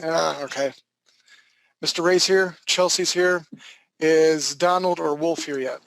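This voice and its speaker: A man's voice: on the high side, steady tone, slow pace, creaky, a bit bright, dry recording, low-quality recording. Jokey man hosting a live class. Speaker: game development class host. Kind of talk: casual live-stream class chat.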